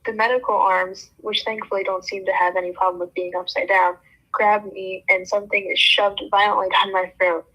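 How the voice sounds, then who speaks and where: A woman's voice: medium pitch, little pitch movement, brisk, bright, forceful tone. A woman reading a novel aloud for a book club, breaking off now and then for joking comments. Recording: dull lo-fi sound.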